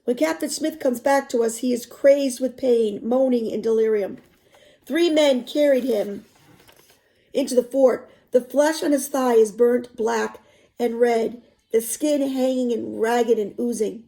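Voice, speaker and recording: Woman reading a book out loud, explains bits as she goes, high-ish mellow voice. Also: creaky, rough recording. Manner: pauses to explain passages in a softer aside. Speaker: reader explaining a novel.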